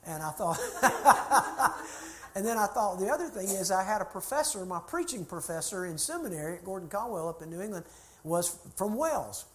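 A man's voice: high voice, lively intonation, normal speed, fairly bright tone. A middle-aged man, a church consultant telling a folksy, chatty story to a group. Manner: folksy, chatty anecdotes with laughter.

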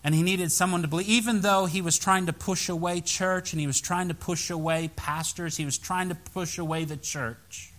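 A male pastor preaching a sermon in a church, telling a story with animated, emphatic rises in his voice. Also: high-pitched, normal speed, hardly any pauses.

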